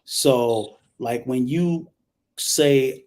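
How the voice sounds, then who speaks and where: A man's voice: mid-range voice, slow pace, vocal fry. A man hosting a casual online talk show, speaking in a conversational, emphatic way. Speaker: host.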